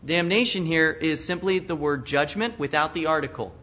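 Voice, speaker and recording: A man's voice: on the high side, moderate pace, bright, forceful tone. A pastor preaching an expository sermon in an earnest manner, asking questions and chuckling at his own asides. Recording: dull lo-fi sound.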